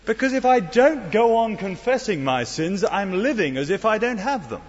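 A man's voice: sits high, sing-song, normal speed. A middle-aged man preaching a sermon in an earnest way, with wry asides and rhetorical questions. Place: church. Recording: dull sound in a long-reverb hall.

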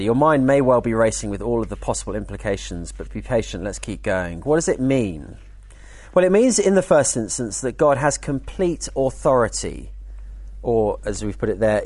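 A man teaching at a church weekend, speaking in a conversational, lively way with jokey asides. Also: medium pitch, no echo. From United Kingdom. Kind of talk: teaching talk.

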